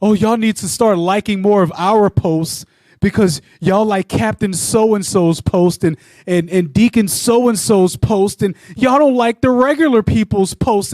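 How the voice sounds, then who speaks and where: A man's voice: sits high, a little slow, darkish tone, dry recording, clean studio sound. A man voicing a whiny grown man who pleads for more likes on his posts.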